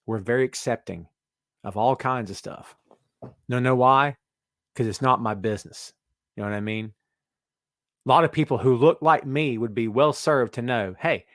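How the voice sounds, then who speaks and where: A man's voice: medium pitch, a bit bright, no echo, studio quality. A middle-aged man hosting a casual wrestling podcast, rambling and joking as he talks to his co-hosts and listeners. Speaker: podcast host.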